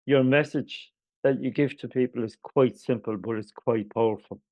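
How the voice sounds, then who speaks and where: A man's voice: mid-range voice, normal speed, darkish tone, no room sound. A man hosting a podcast interview, who stammers and repeats words while asking his questions. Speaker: podcast host. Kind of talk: interview conversation. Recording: dry, phone-like line.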